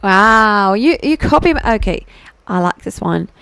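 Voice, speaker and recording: A woman VTuber chats casually with her live audience, giggling and teasing viewers as she reads their messages. Her voice is smooth and clean, switching freely between English and Hindi, recorded close and dry on a streaming mic. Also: mid-range voice, lively intonation, unhurried, fairly bright tone, dry recording. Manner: reads and answers chat messages playfully.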